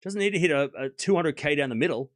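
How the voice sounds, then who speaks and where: Fast-talking and animated, with a fairly high pitch, he hosts a live tennis watchalong. Points get chatty play-by-play, donations are read out with thanks to donors, and laughter comes often.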